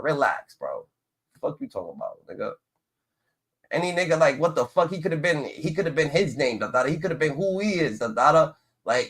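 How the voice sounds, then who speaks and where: Rambling streamer man, fast and profane. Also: fairly high pitch, fairly bright tone. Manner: rambling, swears often, uses "dun dun dun" filler. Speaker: livestream host. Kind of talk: casual ranting commentary.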